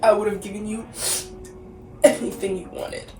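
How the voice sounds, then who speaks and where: A woman's voice: mid-range voice, level tone, normal speed, reverberant, distant mic, music in the background, lightly acted. Woman reading as a tearful young woman. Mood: pleading. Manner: dramatic book reading.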